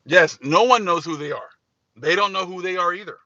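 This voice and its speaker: Emphatic man preaching with a bright voice. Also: high voice, brisk, no echo, dull audio. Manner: emphatic, repetitive. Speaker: host. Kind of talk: religious commentary.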